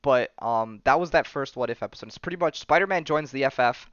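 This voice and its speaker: Rambling man with a smooth, dry voice. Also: medium pitch, a little fast, a bit bright, no echo, highs cut off. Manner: rambling, many fillers and restarts. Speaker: podcast host. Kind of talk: casual chat recapping comics.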